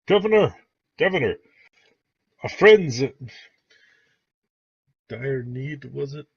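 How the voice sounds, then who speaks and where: A man voicing a hearty, friendly male soldier who calls out loudly and talks briskly, in a tabletop game. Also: lowish voice, expressive, slightly rough, highs cut off, heavily acted. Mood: excited.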